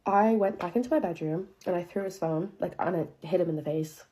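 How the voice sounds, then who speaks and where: A young woman with a warm voice on the low side talks fairly quickly. Her dramatic retelling of a personal story is casual and profane, heavy with filler "like" and open disbelief.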